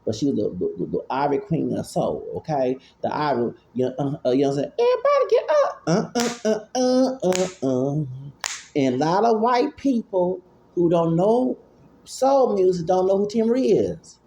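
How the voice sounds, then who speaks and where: A man in his forties gives a loose, rambling commentary, doubling back and stumbling over his words. His voice is mellow and dark, with a gravelly fry running through it. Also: a little high, lively intonation, brisk, a little hiss or hum. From Houston, Texas. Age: 40s. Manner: rambling, repeats himself, stammers. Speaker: vlogger. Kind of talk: casual commentary.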